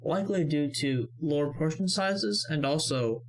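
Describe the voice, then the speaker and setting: A man's voice: on the high side, animated, normal speed, a little hiss or hum. A man hosting a reaction video, commenting in a thoughtful, mildly amused, hesitant way.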